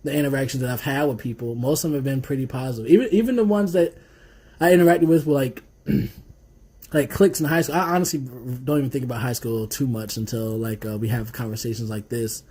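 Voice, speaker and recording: A man's voice: mid-range voice, fairly quick, mellow, husky. A man, co-hosting a podcast in casual, laid-back chat full of swearing and laughter. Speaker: podcast co-host.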